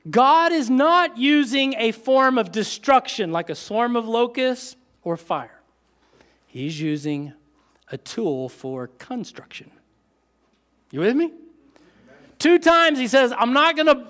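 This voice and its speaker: In a high voice, a man preaches a sermon conversationally and with animation, tossing quick asides to the congregation.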